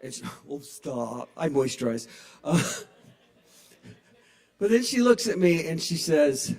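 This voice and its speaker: A man's voice: on the high side, sing-song, slow, creaky, long pauses, darkish tone. A man in his sixties doing a stand-up comedy set in a small bar, telling wry, profane stories into a stage microphone. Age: 60s.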